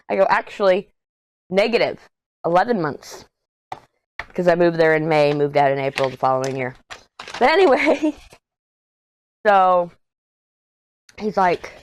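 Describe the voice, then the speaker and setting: A woman's voice: lowish voice, expressive, moderate pace, pauses often, a little hiss or hum. Chatty woman telling stories. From Texas. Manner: chatty, rambling storytelling with asides. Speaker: craft vlogger. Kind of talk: casual chat while diamond painting.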